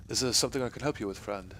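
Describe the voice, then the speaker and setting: A man playing a courteous weary villager, hesitant, eager to please, lowish voice, faint background hum. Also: pushed and bright. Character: weary young village man, polite and hospitable.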